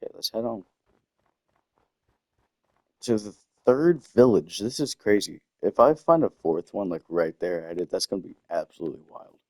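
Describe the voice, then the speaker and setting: While playing a game, a young man with a low, darkish voice rambles through a story, expressive and at a moderate pace. He keeps cutting himself off to remark on the game before resuming, and his desktop mic yields a close, dry sound with no echo.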